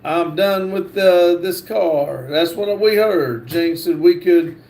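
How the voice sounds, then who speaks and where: Laid-back guy reading out chat on a live, kinda mellow warm voice, a bit high. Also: slow pace. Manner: reads viewer comments aloud, easygoing. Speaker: livestream host. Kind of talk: casual livestream chat.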